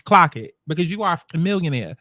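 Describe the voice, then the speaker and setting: A man's voice: on the high side, animated, brisk, bright, forceful tone, dry recording, studio quality. A man hosting a reaction commentary, sassy and blunt, talking while he eats. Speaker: commentary host.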